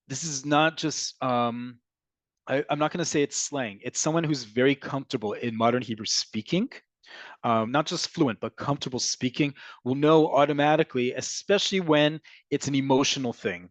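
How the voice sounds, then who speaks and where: A man's voice: medium pitch, no room sound, low-quality recording. A man teaching an online Hebrew class, explaining grammar and answering questions as they come in.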